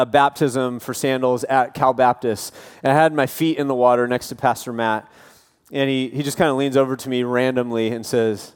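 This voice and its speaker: A man's smooth, slightly mellow mid-range voice carries through a church auditorium. He's a campus pastor in his thirties, preaching earnestly but casually, with plenty of personal stories and light self-deprecating humor.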